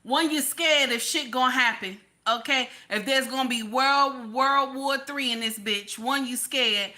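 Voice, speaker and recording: A woman delivers a casual, profane rant to her audience. Her voice sits a little high and sounds bright and forceful. She hammers her points by saying them twice. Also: measured pace. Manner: blunt, profane, repeats lines for emphasis. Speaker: commentary channel host. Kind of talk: casual ranting commentary.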